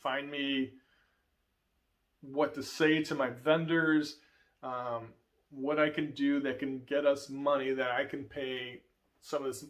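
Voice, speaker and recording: A man's voice: mid-range voice, level tone, takes it slowly, long pauses. A man giving an earnest, emotional personal testimony as a guest speaker in a church service.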